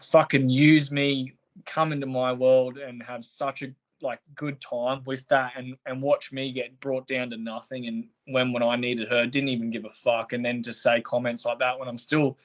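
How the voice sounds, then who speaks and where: Blunt swearing man. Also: mid-range voice. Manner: blunt, heavy swearing, aggrieved. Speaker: podcast guest. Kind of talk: candid interview storytelling.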